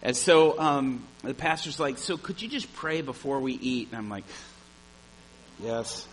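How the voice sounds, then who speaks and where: A man preaching a sermon, telling a story with animated energy. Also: mid-range voice, normal speed, slight background noise, rough recording. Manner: animated storyteller, shouts at the climax.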